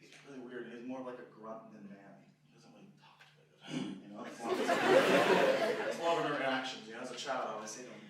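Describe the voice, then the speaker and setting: A man's voice: medium pitch, fast. A young man doing a stand-up comedy set, rambling and self-deprecating, with lots of "you know" in his talk. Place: live comedy venue with audience. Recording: very echoey, distant, noisy live room.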